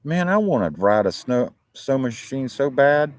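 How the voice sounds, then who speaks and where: A man's voice: mid-range voice, very animated, measured pace, dry recording. A man with an American accent, hosting a talk show and chatting casually to his viewers in a rambling, profane way. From United States.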